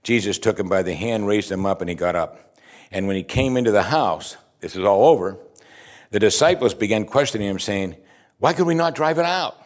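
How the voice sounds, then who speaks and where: A man's voice: fairly low pitch, a little fast. A man preaching a sermon, reading scripture aloud and stopping to comment, talking conversationally and asking his listeners questions. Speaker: pastor.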